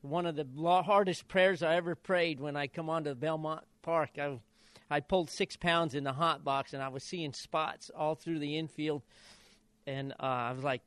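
Brief: man in his sixties from Idaho, ex-jockey storyteller, slightly high voice, lively, dry close sound. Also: a little slow, smooth, dry recording. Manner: lively anecdotal, acts out quotes. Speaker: retired jockey. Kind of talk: storytelling in an interview.

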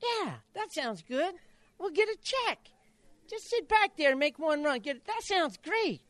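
A man voicing an older male horse trainer with a high-pitched voice and blunt, barking manner. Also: big pitch swings, measured pace, a bit bright, dry recording, exaggerated voice. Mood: eager.

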